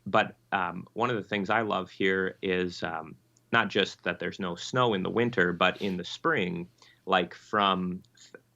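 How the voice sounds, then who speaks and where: A pastor from Michigan with an Upper Midwest accent, answering interview questions in a halting way with many ums and restarts. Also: male voice, deep voice, gravelly, bright, forceful tone, lo-fi sound. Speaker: Lutheran pastor, interview guest.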